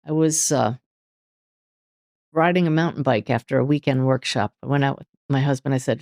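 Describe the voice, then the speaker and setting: A woman being interviewed as a medium, telling lively stories and acting out inner dialogue. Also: low voice, moderate pace, no room sound, clean studio sound. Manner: animated storytelling, voices inner dialogue. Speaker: guest medium. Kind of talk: interview conversation.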